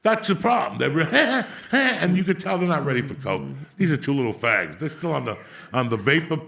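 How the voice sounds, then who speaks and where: A man's voice: on the high side, animated, fairly quick, vocal fry, pushed and bright. A middle-aged man hosting a podcast, telling rambling, profane street-style stories in casual chat. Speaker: podcast host.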